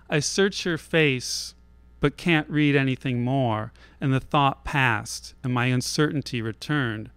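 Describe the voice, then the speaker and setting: A man telling a personal story live on a theater stage, in a wry, self-deprecating and deliberate way. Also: medium pitch, fairly bright tone, smooth, dry recording.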